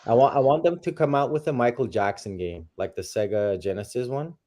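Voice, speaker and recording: A man's voice: medium pitch, brisk, warm tone. A man co-hosting a casual gaming podcast, laid-back and nostalgic. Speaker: podcast co-host.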